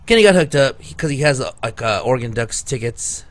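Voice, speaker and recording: Co-hosting a podcast, a man rambles through a long story in casual chat, laughing often and leaning heavily on "like" and restarts. His mid-range voice is animated and fairly quick.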